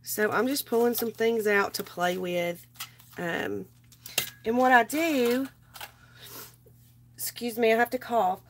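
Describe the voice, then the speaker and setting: A woman's voice: a little high, takes it slowly, long pauses. A woman, sick and straining her voice, rambling casually to viewers while crafting on a livestream. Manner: rambling, greets viewers by name.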